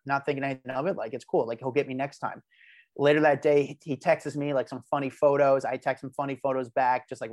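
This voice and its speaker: A man, a podcast guest, telling a long story with energy and acting out the quotes. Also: mid-range voice. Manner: animated storyteller, acts out quoted lines. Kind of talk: casual podcast chat.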